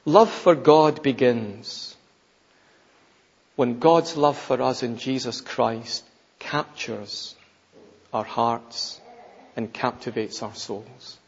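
A man preaching a sermon, slow and emphatic, with sudden loud rises and hushed drops. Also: mid-range voice, husky. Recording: dull, lo-fi recording in a reverberant hall.

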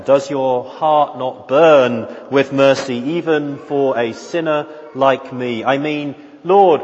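A man's voice: mid-range voice, darkish tone. Man putting on a desperate pleading mother in a sermon, echoing hall, dull lo-fi sound. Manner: imploring, voice rising toward the end.

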